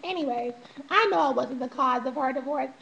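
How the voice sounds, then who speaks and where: A woman's voice: sits high, fairly quick, gravelly, dull audio. A young woman telling her life story on a vlog, swearing freely, laughing often and acting out what people said. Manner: animated, profane, laughs often, acts out quotes.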